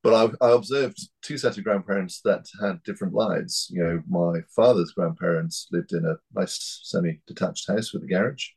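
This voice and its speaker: A man in his fifties from North East England, speaking as an interview guest in a measured, hesitant way with many fillers and restarts. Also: sits low, gravelly, darkish tone, slightly rough, low-quality recording. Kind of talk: reflective interview talk.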